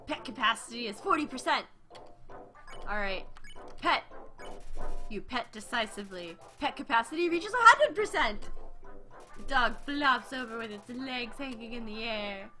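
A woman's voice: on the high side, animated, moderate pace, long pauses, sharp tone, faint music behind. A woman commenting as she plays a video game, reading its text aloud, giggling often and squealing with delight. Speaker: gamer playing a video game. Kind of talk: let's play commentary.

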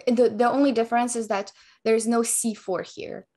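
Woman calmly explaining chess moves. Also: on the high side, moderate pace. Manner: calm, methodical explanation of moves. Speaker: chess coach.

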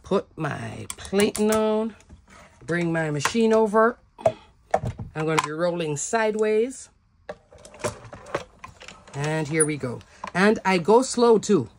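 A woman's voice: fairly low pitch, lively intonation, slow pace, long pauses, noisy background. A woman hosting a step-by-step card-making tutorial, chatty and talking through each step, laughing at herself now and then. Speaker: craft tutorial host. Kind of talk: step-by-step crafting demo.

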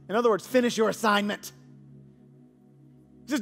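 High, bright-voiced male pastor preaching. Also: sing-song, moderate pace, long pauses, in a large hall, faint music behind. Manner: dynamic storytelling preacher, slangy, acts out dialogue. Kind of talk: sermon. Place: church auditorium.

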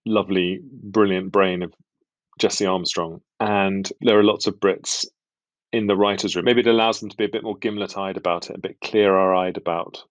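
A middle-aged Englishman with a British accent talks in a low, steady voice at normal speed, with no room sound. He's an actor appearing as an interview guest, chatting in a relaxed, wry and self-deprecating manner.

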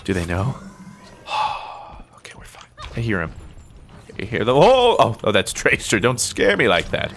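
A young man giving playful, jokey commentary over his own gameplay, swinging between excited yelps and mock-serious asides. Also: on the low side, measured pace, creaky, a little hiss or hum. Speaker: gaming YouTuber.

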